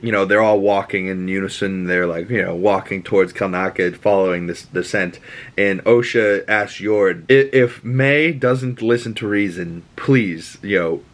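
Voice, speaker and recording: Profane, animated man recapping a show. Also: low voice, normal speed. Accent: Boston. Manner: profane, animated, acts out character lines in shifting voices. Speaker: show host. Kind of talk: casual TV recap and rant.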